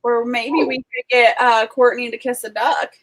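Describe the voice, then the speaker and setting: A woman's voice: on the high side, steady tone, normal speed, a little hiss or hum. A woman hosting a livestream, greeting viewers and laughing often in casual chat over a video call. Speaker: livestream host.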